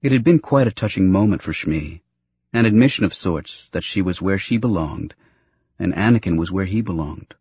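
A man narrating a novel aloud in an expressive storytelling way. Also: low-pitched, normal speed, slight background noise. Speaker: audiobook narrator. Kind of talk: scripted narration.

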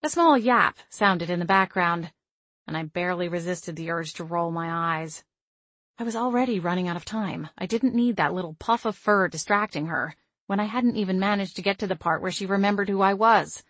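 A woman's voice: on the low side, normal speed, no echo. Wry woman narrating an audiobook. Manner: wry and expressive. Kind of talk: first-person audiobook narration.

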